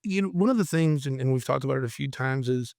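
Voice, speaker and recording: A man's voice: mid-range voice, quick pace, creaky, darkish tone, no echo, studio quality. Hesitant male podcast host. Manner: searching, hesitant phrasing. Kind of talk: casual interview questions.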